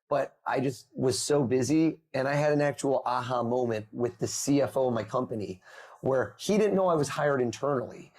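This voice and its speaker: Animated man telling stories on a podcast. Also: mid-range voice. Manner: animated storyteller, acts out quoted voices. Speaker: podcast guest, mentalist. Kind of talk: conversational storytelling. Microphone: remote call.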